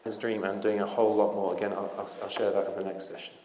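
A man's voice: lowish voice, level tone, quick pace, warm tone, dull audio. A man giving an evangelical conference talk, conversational and punchy, with emphatic rising passages. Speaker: conference speaker. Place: conference hall. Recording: echoey hall.

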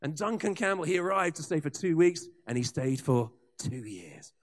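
A man preaching a sermon, telling revival stories with lively asides and frequent restarts. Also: fairly high pitch, normal speed. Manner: animated storyteller with asides and restarts. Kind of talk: sermon storytelling.

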